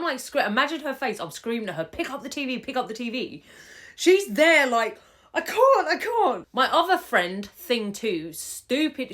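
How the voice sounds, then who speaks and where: A young woman telling a story from her own life in a casual, animated way, laughing and swearing now and then. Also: medium pitch. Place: home room with fairy lights.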